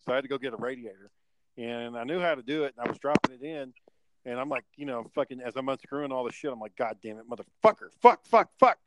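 A man's voice: medium pitch, quick pace, poor audio. A young adult man co-hosting a podcast, telling rambling, profanity-laced stories in casual chat. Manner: profane, rambling, animated storyteller. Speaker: podcast co-host.

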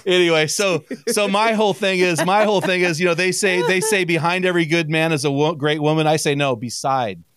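A man guesting on a podcast, telling stories quickly with plenty of energy and laughter in a casual chat. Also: a little high. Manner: energetic storyteller, quick and chatty, laughs often.

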